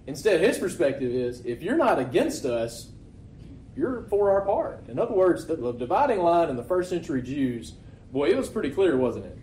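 A man's voice: fairly high pitch, sing-song, normal speed, mellow, slight background noise. A man preaching a sermon in a loose, conversational way, often asking rhetorical questions. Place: church meeting hall. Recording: echoey hall recording.

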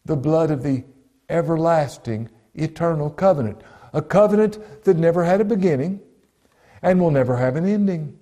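A male pastor preaching a sermon, emphatic and repetitive, slowing and dropping to a hush when quoting scripture. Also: fairly high pitch, lively intonation. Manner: emphatic, repeats key phrases, slows and drops to a hush on scripture. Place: church broadcast.

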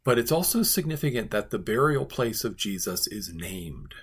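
Male pastor, low husky voice, earnest devotional teaching, emphatic repetition. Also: very animated, moderate pace. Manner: earnest, emphatic, repeats phrases for stress.

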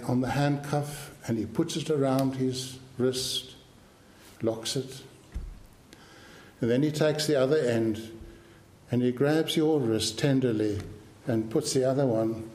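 Slow earnest male preacher. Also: medium pitch, warm tone, echoey room. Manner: clears throat between points. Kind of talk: sermon.

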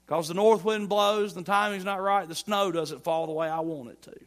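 Animated preacher man. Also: fairly high pitch, moderate pace, few pauses. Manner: animated preaching, swings from loud emphatic lines to soft asides; folksy humor, playful mock dialogue. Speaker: pastor. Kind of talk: sermon.

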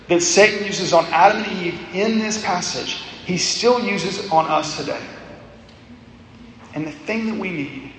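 A pastor delivers an expository sermon with a fairly high, gravelly voice, asking his listeners rhetorical questions. He is picked up from some distance in a church hall with a long, roomy echo. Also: a bit bright, a little hiss or hum. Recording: echoey hall, distant mic.

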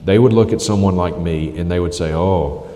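A man's voice: sits low, fairly quick, mellow. A man preaching a critical sermon, emphatic and repeating phrases for stress. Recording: echoey hall reverb.

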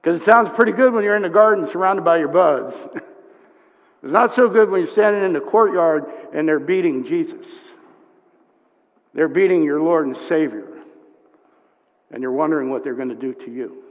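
A man preaching a sermon, telling stories and swinging from hushed asides to impassioned build-ups. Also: fairly high pitch, normal speed, long pauses. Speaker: pastor. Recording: dull lo-fi sound, long hall reverb.

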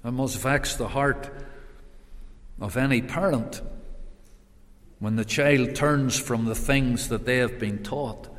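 A man preaching a sermon, swinging between raised emphatic calls and hushed solemn passages, with repeated rhetorical questions. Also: mid-range voice, slow pace, long pauses. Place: church. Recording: long reverb of a church hall.

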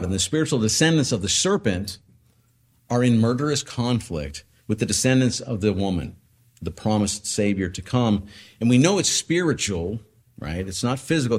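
Male preacher, lowish voice, teaching sermon, loose and conversational, with tag questions and fillers. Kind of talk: expository sermon.

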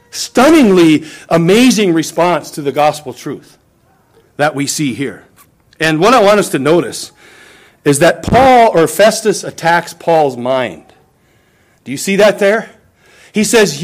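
A man's voice: high voice, animated, measured pace. A man preaching a sermon to his congregation, emphatic and dramatic as he quotes scripture. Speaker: pastor.

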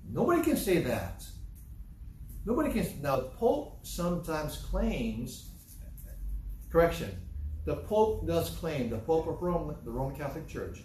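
A man's voice: on the high side, sing-song, unhurried, darkish tone, recorded from a distance, a little hiss or hum. A man preaching a sermon, emphatic and repetitive, firing rhetorical questions and reading scripture aloud. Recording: echoey room, voice from off-mic.

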